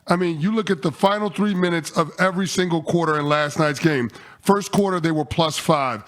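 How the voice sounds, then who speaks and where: A middle-aged man on a sports talk show, laying out his analysis point by point in a measured way. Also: fairly high pitch, fairly bright tone. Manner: measured, walks through stats point by point.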